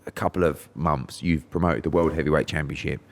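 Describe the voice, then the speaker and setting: A man's voice: extremely low pitch, fairly even intonation, brisk. A middle-aged man from England, a podcast guest telling a story in casual chat and acting out quotes in raised voices.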